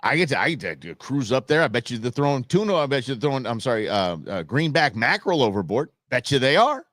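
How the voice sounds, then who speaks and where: A man's voice: mid-range voice, very animated, fast, a bit bright, no echo, clean studio sound. A man voicing a laid-back smug tuna.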